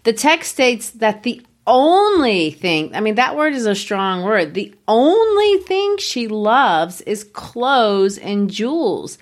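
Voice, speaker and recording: A woman's voice: a little high, big pitch swings, takes it slowly, few pauses. A woman teaching a literature lesson, analyzing a story in a conversational, emphatic way. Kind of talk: literature lecture.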